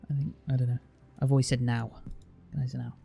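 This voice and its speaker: A man's voice: mid-range voice, flat delivery, fast, gravelly, mellow, faint music behind. A man with a southern English accent from the Southwest, streaming and chatting casually, thinking aloud with plenty of fillers. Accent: southern English (Southwest England). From Southwest England. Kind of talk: casual chat with live chat.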